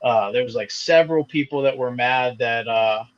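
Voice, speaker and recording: A man's voice: medium pitch, moderate pace, muffled recording. A man co-hosting a podcast, chatting casually and rambling, swearing freely and saying "like" a lot. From American South. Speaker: podcast co-host. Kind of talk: casual chat.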